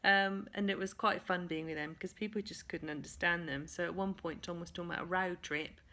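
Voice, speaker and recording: A woman's voice: fairly low pitch, steady tone, brisk, pushed and bright. A woman chatting casually in a vlog, recapping a family trip with rambling, laughing asides. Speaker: family vlogger.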